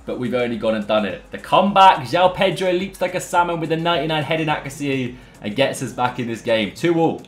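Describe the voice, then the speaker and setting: Excitable lad commentating gameplay. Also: male voice, fairly high pitch, quick pace, few pauses. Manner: excitable, banter-filled, addresses viewers as lads and boys. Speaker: gaming YouTuber. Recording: roomy echo, faint background music.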